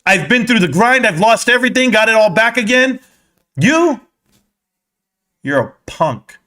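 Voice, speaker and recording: A man with a high, bright, forceful voice hosts a live stream about stocks. He sounds heated and combative, firing back at people in his chat. His delivery is punchy and confrontational throughout. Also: big pitch swings, a little slow.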